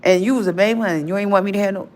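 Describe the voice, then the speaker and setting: A woman's voice: medium pitch, fairly even intonation, rapid-fire, darkish tone. A woman on a phone livestream, ranting straight at an absent person in a confrontational, scolding, repetitive way. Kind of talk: livestream rant.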